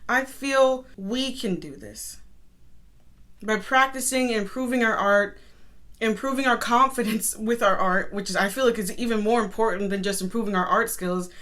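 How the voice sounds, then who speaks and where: A young woman and artist talking to camera in a casual, upbeat motivational vlog, chatty and quick to laugh. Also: on the high side, a bit bright. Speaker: artist and content creator.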